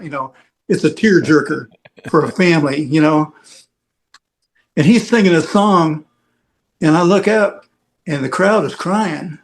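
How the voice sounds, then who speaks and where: A man's voice: on the high side, moderate pace, pauses often. A man telling a long road story in casual podcast chat, rambling with lots of filler phrases. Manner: rambling anecdotal, heavy "you know" fillers. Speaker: veteran rock roadie guest.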